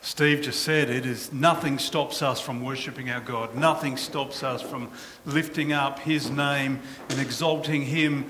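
A man's voice: mid-range voice, steady tone, a little slow, a bit bright, big-room sound, a little hiss or hum. A man pastor preaching and praying with a fervent, repetitive cadence. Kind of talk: sermon and prayer.

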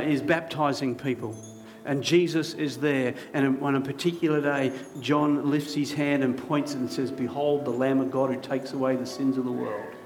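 A male pastor preaching a sermon in a church, telling a story vividly with dramatic pauses. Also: fairly high pitch, darkish tone, a little hiss or hum. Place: church hall.

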